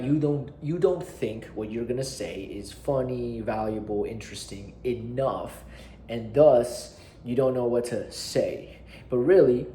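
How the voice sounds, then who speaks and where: A man's voice: medium pitch, warm tone, slight background noise. A young man giving direct advice on conversation skills, casual and emphatic, often checking in with "right?", and swearing freely. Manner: uses his hands and body while talking. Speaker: dating and social skills coach. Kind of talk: direct-to-camera advice talk. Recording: echoey room.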